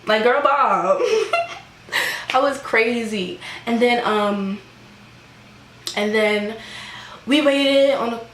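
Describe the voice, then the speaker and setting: A woman's voice: a little high, extremely slow, pauses often, fairly bright tone. A young woman telling a personal story in a casual storytime vlog, chatty, filling her talk with "like" and laughing at herself as she acts out what people said. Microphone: camera microphone. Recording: echoey room, faint background noise.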